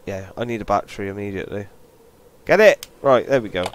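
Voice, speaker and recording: A man's voice: lowish voice, expressive, fairly quick, slight background noise. A man commentating a horror game as he plays, swearing and muttering, with jittery, frightened outbursts. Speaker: gaming YouTuber.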